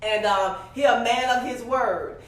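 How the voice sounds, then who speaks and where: A woman's voice: fairly high pitch, measured pace. A middle-aged woman, interviewing guests in a chatty way and laughing through her stories. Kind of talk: casual interview. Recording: roomy sound from a distance.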